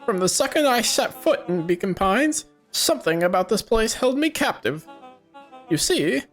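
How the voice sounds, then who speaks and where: Man reads a folksy speechifying businessman, lively swooping delivery, soft game music underneath. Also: sits high, moderate pace, voice pushed up. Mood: grandiose. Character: showy small-town businessman giving a festival speech.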